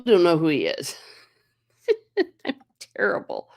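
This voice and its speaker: A jet-lagged woman hosting a casual livestream, telling a story in an excitable way and acting out her own reactions. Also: lowish voice, unhurried, pauses often. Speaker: livestream host.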